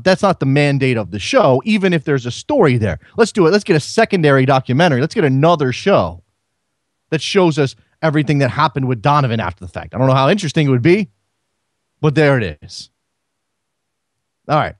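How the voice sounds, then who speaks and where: A man's voice: medium pitch, sing-song, a little fast, no room sound, studio quality. A man hosting a casual sports call-in radio show, talking off the cuff and often repeating words as he thinks aloud.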